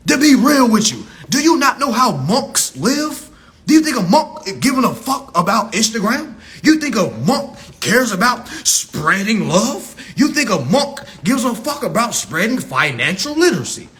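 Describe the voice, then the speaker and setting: A man's voice: very high voice, big pitch swings, normal speed, fairly bright tone. A man ranting on a live stream to followers, profane and preachy, mocking people as he lectures. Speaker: social media commentator. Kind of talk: instagram live rant. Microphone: phone on a live stream.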